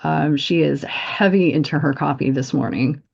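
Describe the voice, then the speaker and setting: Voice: mid-range voice, normal speed, vocal fry, a little mellow, muffled recording. A player in a tabletop role-playing game, explaining their character's plans in a hesitant way with many fillers.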